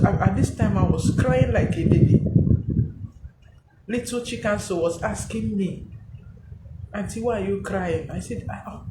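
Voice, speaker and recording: A woman giving a personal testimony in a halting, emotional way. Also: mid-range voice, a little mellow, echoey room, a little hiss or hum, poor audio.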